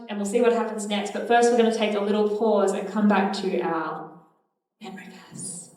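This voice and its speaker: A woman's voice: mid-range voice, a little fast, distant mic. Chatty woman teaching in an echoey hall. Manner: chatty, uses fillers, directs the group. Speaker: children's church teacher. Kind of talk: casual Bible storytelling and group recitation. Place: church hall.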